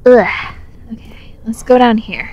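Slow-talking tipsy young woman gamer. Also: mid-range voice, expressive, highs cut off. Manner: chatty, swears, talks to the game character. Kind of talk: casual drunk let's play commentary.

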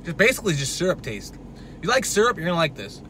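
Brash, foul-mouthed man, bright tense voice. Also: on the high side, big pitch swings, quick pace, a little hiss or hum. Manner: profane, brash and loose. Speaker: supplement reviewer. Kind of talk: casual product review.

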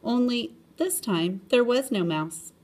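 A woman reading a children's chapter book aloud in an expressive storytelling manner, often lifting her pitch. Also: takes it slowly.

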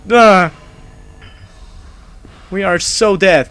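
A man's voice: high-pitched, slow pace, long pauses, pushed and bright, smooth, no room sound. A man speaking English as a second language, nervously commentating his live gameplay, pleading and repeating himself. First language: not English. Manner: panicky, pleading and repetitive; swears when startled. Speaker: game streamer.

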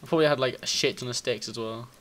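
A man giving casual gameplay commentary, excitable, thinking out loud, swearing and bursting into high squeals. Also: very fast. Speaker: gaming video host.

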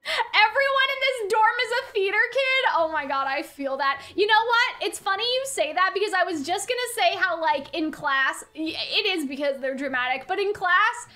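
High bright young woman squealing over a game, bouncy voice, soft music behind. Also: moderate pace. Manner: excitable, gushing, giggly, swears casually. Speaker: let's play streamer. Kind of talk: game reaction commentary.

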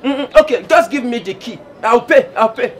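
Woman playing a desperate, high-pitched Nigerian tenant. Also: lively intonation, normal speed, lightly acted. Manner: pleading, loud and exasperated. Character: desperate female tenant locked out of the toilet. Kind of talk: comedy skit acting.

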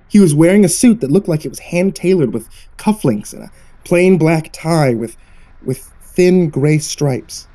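A man hosting his channel, narrating a first-person horror story with dramatic, tense pauses. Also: on the high side, animated, mellow.

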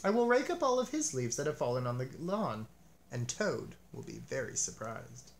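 Man doing a friendly male storybook frog, cheerful, eager, bouncy and lively pitch. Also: moderate pace, a little hiss or hum.

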